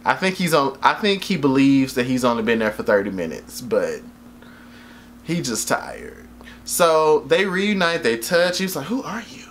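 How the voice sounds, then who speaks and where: A man's voice: mid-range voice, big pitch swings, measured pace, a bit bright, a little hiss or hum. Young man, casual movie recap, slangy, profane, rambling with lots of "like", laughs at his own jokes. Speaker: vlogger reviewing a movie.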